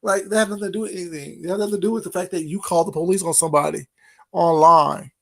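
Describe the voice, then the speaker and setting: A man's voice: high-pitched, steady tone, fast, creaky. A man hosting a casual late-night livestream, gossiping with his chat in a teasing way and laughing often. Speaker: livestream host talking to chat.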